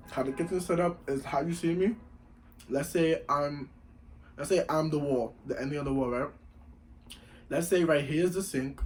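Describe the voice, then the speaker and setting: A young man telling a story casually while eating, slangy and rambling, getting loud when he acts out what people said. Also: mid-range voice, slight background noise, poor audio. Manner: animated, acts out quoted lines loudly. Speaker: vlogger.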